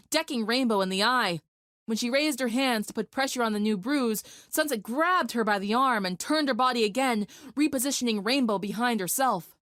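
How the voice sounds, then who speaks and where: A woman narrating a dramatic fan fiction story in a steady, vivid storytelling voice. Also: a little high, dry recording, studio quality.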